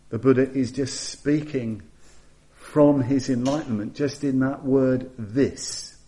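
Man, Buddhist teacher, dharma talk; measured, repetitive for emphasis, mid-pitched, dips to a hush. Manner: measured, repeats phrases for emphasis, drops to a soft hush for quoted lines.

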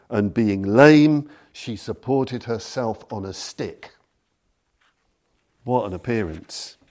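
A man lecturing on Buddhism, telling a story slowly and deliberately and reading passages aloud. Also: mid-range voice, a little mellow.

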